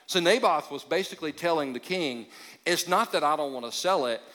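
A male pastor preaching a sermon in a conversational, joking way, with sudden drops into quiet emphasis. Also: a little high, lively intonation, fairly quick. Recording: long hall reverb.

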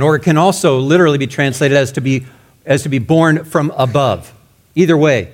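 A male pastor preaching a sermon emphatically, his voice rising loud and dropping to a hush. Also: a little high. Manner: emphatic, swinging between loud and hushed.

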